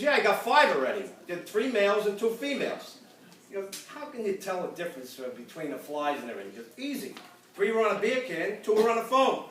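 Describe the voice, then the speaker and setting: An older man doing stand-up jokes at a church gathering, laughing at his own punchlines. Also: high voice. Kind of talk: stand-up joke telling. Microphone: phone camera across the room. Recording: echoey room, far from the mic, loud background noise.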